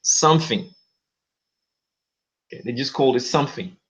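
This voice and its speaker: A man's voice: medium pitch, lively intonation, moderate pace. A man commenting on news in a casual video, emphatic, repeating words and often saying "okay".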